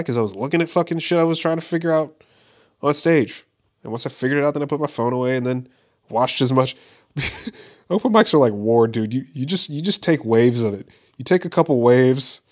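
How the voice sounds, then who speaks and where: A man who does stand-up, ranting casually and profanely, rambling with lots of "like" and frequent laughs. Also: fairly high pitch. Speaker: stand-up comedian. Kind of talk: casual podcast-style rant. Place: Los Angeles area.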